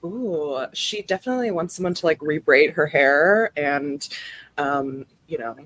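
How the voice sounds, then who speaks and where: Husky lively player talking about her character. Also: medium pitch, measured pace, no echo, rough recording. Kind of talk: casual chat.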